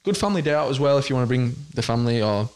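A man's voice: mid-range voice, lively intonation, very fast, a little mellow, clear, resonant tone. Casual male co-host with a mid-range voice, talkative, cuts in with quips. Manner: chatty, chimes in with quips. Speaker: podcast co-host. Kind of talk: casual chat.

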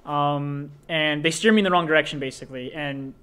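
A teenage high school student being interviewed in class, with a hesitant way of talking full of fillers. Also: male voice, brisk, sharp tone, clear, resonant tone. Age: late teens. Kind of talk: casual interview.

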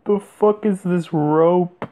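A young gameplay commentator with a high-sitting voice and dark tone talks slowly through a mobile game. His casual let's-play commentary is full of swearing and giggles as he laughs in disbelief.

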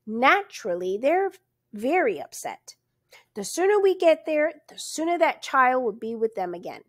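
A woman's voice: sits high, very animated, normal speed, fairly bright tone, no echo, studio quality, pitched above the performer's own voice, heavily acted. A woman voicing a courteous but secretive man, speaking in a clipped, patient way. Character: cold, courteous, secretive man in a yellow suit.

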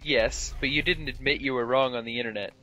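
A man's voice: medium pitch, steady tone, brisk, pushed and bright. A Canadian man chats through a co-op game as the host. His talk is light and mocking, and he breaks into laughter easily. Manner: teasing, laughs often. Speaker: let's play host. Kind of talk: casual gameplay commentary.

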